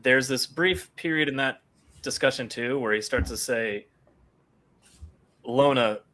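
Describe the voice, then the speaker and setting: A man's voice: medium pitch, unhurried, fairly bright tone. A man co-hosting a podcast, animatedly retelling scenes from a comic in casual chat. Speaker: podcast co-host.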